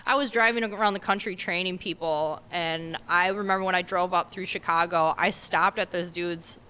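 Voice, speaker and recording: A woman's voice: on the low side, fairly even intonation, moderate pace, bright, forceful tone, smooth. A woman guest on a podcast, talking in a casual rambling way, full of fillers and restarts. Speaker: podcast guest, car detailer.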